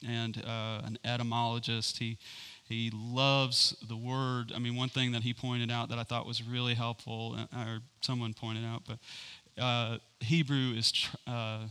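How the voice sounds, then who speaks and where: A man's voice: medium pitch, pushed and bright. A man giving informal, enthusiastic Bible teaching, rambling with many fillers and restarts.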